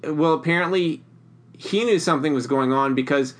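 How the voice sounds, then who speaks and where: A man's voice: a little high, moderate pace. A man co-hosting a casual movie chat, rambling and restarting his sentences. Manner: rambling, restarts a lot, laughs often. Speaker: podcast co-host.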